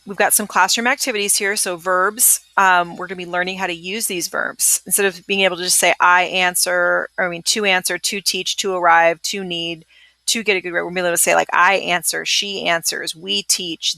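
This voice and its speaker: Gravelly, bright-voiced woman teaching pronunciation. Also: on the low side, no room sound. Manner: modeling words slowly, then repeating them at natural speed; encouraging, asks listeners to repeat aloud. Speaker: Spanish teacher. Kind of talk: recorded vocabulary pronunciation lesson.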